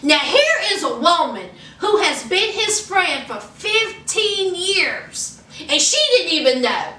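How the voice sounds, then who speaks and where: A woman recapping a reality show in a casual, animated way, talking straight to her viewers and retelling scenes. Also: very high voice, slow, far from the mic. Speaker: recap vlogger. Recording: echoey room, off-mic.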